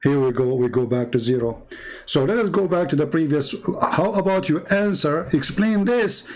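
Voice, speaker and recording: A man with a somewhat high-pitched voice hosts a live-streamed religious debate. His tone is mocking and sarcastic, and he laughs at his opponent. He repeats his points over and over for emphasis. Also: animated, normal speed. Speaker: livestream host debating a caller.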